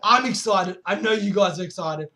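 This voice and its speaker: Excitable high-voiced man recapping a chapter. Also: normal speed. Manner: excitable, rhetorical questions, swears casually. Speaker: manga chapter reviewer. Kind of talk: casual recap vlog.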